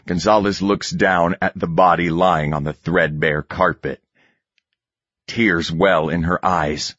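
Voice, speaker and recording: A man reading a war novel aloud as an audiobook narrator, in steady, measured scripted narration. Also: sits low, slightly rough, no room sound, highs cut off.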